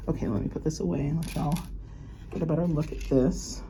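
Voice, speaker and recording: A woman's voice: low voice, fairly quick, warm tone, slight background noise. A woman chatting casually and rambling as she shows off her new jewelry, laughing often. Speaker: luxury unboxing vlogger. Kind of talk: casual show-and-tell chat.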